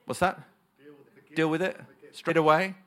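Brief: male preacher, fairly high voice, emphatic delivery, rhetorical questions to the congregation. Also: flat delivery, a little slow, fairly bright tone. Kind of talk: sermon.

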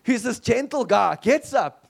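High-voiced pastor telling a story. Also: male voice, a little slow, gravelly. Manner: animated, acts out the dialogue. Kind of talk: sermon storytelling.

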